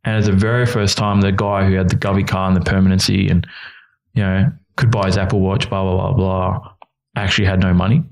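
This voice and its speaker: Deep-voiced man telling his story. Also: level tone, fairly quick, creaky. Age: 30s. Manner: earnest, emotional, quotes others in his stories. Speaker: youth worker and guest. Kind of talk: candid personal storytelling.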